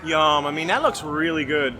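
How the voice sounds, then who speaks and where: A man's voice: a little high, normal speed, bright, forceful tone, soft background music. A man vlogging casually outdoors as he tastes food, rambling and hesitant with many fillers. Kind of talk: casual food-tasting chat. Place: outdoor festival.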